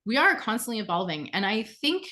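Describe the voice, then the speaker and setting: A woman's voice: on the high side, big pitch swings, brisk, pushed and bright. A woman speaking as an interview guest in a candid, casual conversation, frank and often laughing, with the odd swear word.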